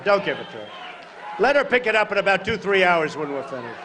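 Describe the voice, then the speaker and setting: Emphatic high-voiced man at a rally. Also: big pitch swings, quick pace, noisy background. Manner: emphatic, repeats short phrases, often shouts to the crowd. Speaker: political candidate at a rally. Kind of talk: campaign rally speech. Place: large hotel event hall, live rally. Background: crowd of supporters.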